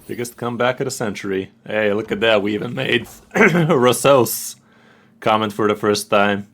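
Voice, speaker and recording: A man streaming a card game, giving excitable, trash-talking and profane casual gameplay commentary. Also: fairly low pitch, normal speed.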